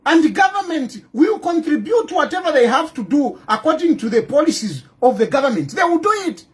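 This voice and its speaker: High, lively Zambian man scolding. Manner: scolding, rhetorical, repeats his questions. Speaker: political commentator. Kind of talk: impassioned direct-to-camera address.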